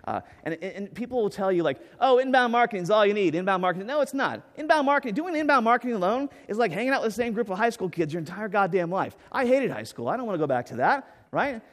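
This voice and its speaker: Speaking fast with few pauses, a man with a fairly high voice gives a lively keynote on a conference stage. He's animated and jokey, keeps tossing in "right?" and other fillers, and stumbles into restarts as his enthusiasm builds. A long reverb from the big hall hangs over everything.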